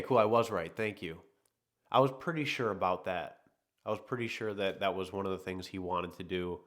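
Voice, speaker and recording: A man hosting a casual livestream podcast, reading viewer comments aloud and thinking out loud in a rambling, hedging way. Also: sits low. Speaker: podcast host reading live chat.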